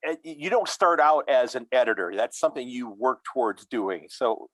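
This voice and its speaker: A man's voice: medium pitch, lively intonation, moderate pace, a bit bright, dry recording, rough recording. An American man hosting a podcast interview, talking hesitantly with many restarts. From United States. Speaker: podcast host. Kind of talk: casual interview chat.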